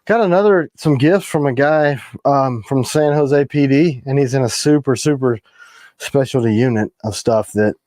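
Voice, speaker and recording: A man with a mid-range, slightly mellow voice hosts a casual knife-making livestream at normal speed, rambling, joking, and trailing off mid-sentence as he shows off his gear. The recording is dry.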